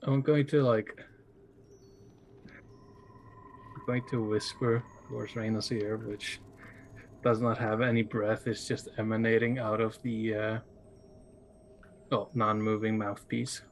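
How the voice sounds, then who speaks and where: A man at a tabletop game talks casually, often halting and restarting his sentences. His voice is fairly flat and monotone, with a faint noise in the background. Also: lowish voice. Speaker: player.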